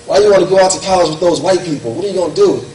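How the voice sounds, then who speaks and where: A man's voice: high-pitched, expressive, racing, mellow, a little hiss or hum, pitched above the performer's own voice. A man voicing his teasing teenage friends from the neighborhood, recorded in an echoey hall from a distance. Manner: mocking, disbelieving. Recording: echoey hall heard from far off.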